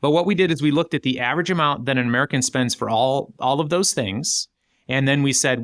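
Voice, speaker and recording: A man's voice: a little fast, no echo, clean studio sound. A middle-aged man, a guest author on a podcast, talking casually and animatedly, his voice jumping up when he acts out quoted voices. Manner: animated, jumps up in pitch acting out quoted voices.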